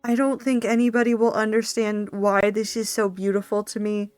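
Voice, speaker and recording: A woman streaming herself building in a game, thinking aloud, talking to herself and her chat, quickly excited and dramatic. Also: mid-range voice, smooth, no room sound, soft background music. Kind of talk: casual live-stream commentary while building in a game.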